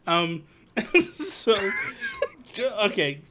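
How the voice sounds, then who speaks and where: Lively, animated man telling stories. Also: high voice, very slow, background noise. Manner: animated storyteller, acts out quotes. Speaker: host. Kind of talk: casual chat.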